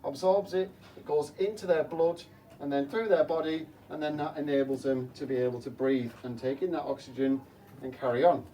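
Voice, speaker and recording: A man's voice: fairly high pitch, steady tone, fairly quick, mellow. A man working as an aquarium technician, playfully explaining to children while he cleans a school tank, asking them questions along the way. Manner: playful, chatty, asks the kids rhetorical questions. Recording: slightly distant mic with faint hum.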